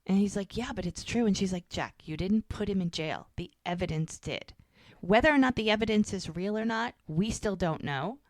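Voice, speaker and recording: A woman co-hosting a podcast, chatting casually and retelling scenes with animated acted-out dialogue. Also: mid-range voice, normal speed, no echo, studio quality. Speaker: podcast co-host. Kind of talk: casual chat recapping a TV episode.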